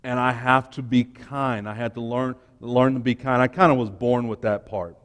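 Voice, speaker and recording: A man giving an informal, emotional sermon to young people, swinging between quiet and loud. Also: medium pitch, steady tone, normal speed, smooth. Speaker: speaker at a church youth talk. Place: church hall. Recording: long church hall reverb.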